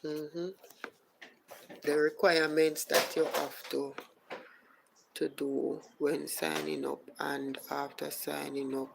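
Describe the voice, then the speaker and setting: A woman with a Jamaican accent hosting a live podcast, explaining steps at a relaxed pace and greeting viewers by name. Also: sits low, takes it slowly, gravelly, long pauses, noisy background. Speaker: podcast host. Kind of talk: casual live-stream chat.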